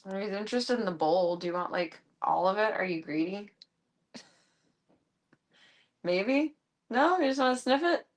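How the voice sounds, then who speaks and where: A woman's voice: medium pitch, lively intonation, measured pace, pauses often. A woman live streamer at home, chatting casually and talking to her pets in an amused, baffled way. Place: at home with her cats and dogs.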